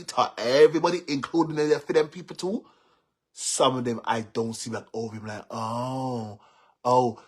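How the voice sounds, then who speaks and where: A Jamaican man venting on a live stream, agitated, with stammering repeats and swings between loud outbursts and low muttering. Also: breathy edge. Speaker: social media personality.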